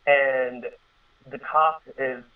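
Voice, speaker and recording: A man's voice: medium pitch, steady tone, very slow. A man in his thirties rambles earnestly through a personal story, full of fillers and restarts. His voice comes through a thin, phone-like line and sounds set back from the microphone. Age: 30s. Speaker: guest telling a personal story. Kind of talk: casual spoken storytelling. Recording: tinny distant phone-line radio sound.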